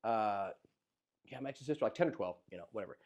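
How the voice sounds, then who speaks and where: Animated young man telling a story. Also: lowish voice, a little fast. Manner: animated, laughing, acts out voices. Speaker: podcast host telling a story. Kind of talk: casual storytelling.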